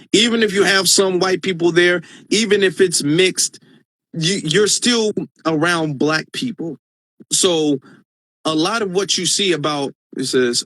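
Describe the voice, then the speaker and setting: A man with a notably high voice hosts a casual live stream into a phone. He talks earnestly and with emphasis, restarting sentences as he goes. The sound is dry and close. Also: a bit bright, no room sound. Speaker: live-stream host reading viewer comments.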